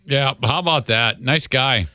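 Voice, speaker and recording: A man's voice: mid-range voice, measured pace, sharp tone, no room sound, studio quality. A man co-hosting a radio show, blunt and brash, swearing freely in casual chat.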